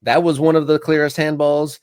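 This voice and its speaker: Casual, filler-heavy sports talk co-host. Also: male voice, a little high, fairly quick, smooth, dry recording, clean studio sound. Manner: casual, many "like" fillers, animated. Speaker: podcast co-host. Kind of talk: sports talk show discussion.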